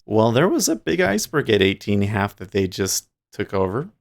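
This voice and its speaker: A man with a low, gravelly voice hosts a day trading livestream from his trading desk. He thinks out loud in a relaxed, drowsy way, rambling between market remarks. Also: moderate pace. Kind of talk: casual live market commentary. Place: home trading desk with large screens.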